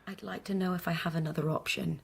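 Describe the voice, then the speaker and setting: An actress playing a quiet, stubborn PhD student in an audio drama. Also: female voice, fairly low pitch, steady tone, quick pace, vocal fry, breathy edge.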